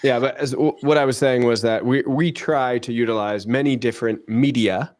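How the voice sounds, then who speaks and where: A man's voice: mid-range voice, fairly even intonation, moderate pace, darkish tone, no room sound, clean studio sound. Upbeat American man hosting a podcast. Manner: jokey, upbeat, self-deprecating. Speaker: podcast host, school superintendent. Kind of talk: casual podcast chat.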